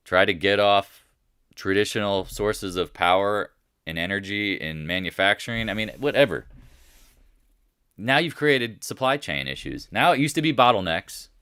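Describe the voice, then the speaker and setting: A middle-aged man talks through the markets live, his voice sitting a little low but sounding bright and forceful. He keeps tossing questions at his listeners and answering them himself. The sound is dry, as if the mic is right up close. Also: clean tone, no room sound. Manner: animated, rhetorical questions, thinks aloud while watching prices. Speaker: market commentary host.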